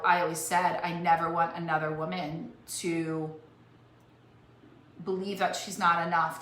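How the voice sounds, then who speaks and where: An emotional woman life coach speaks to camera in a lowish, slightly bright voice, earnestly encouraging her audience. She restarts phrases often, and the recording has room echo and faint noise.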